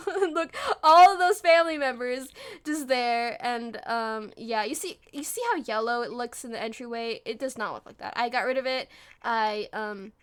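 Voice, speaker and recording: A woman's voice: fairly high pitch, normal speed, smooth. A young woman talking over her game build footage, rambling and apologizing with a self-deprecating, laughing manner. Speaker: gaming video creator.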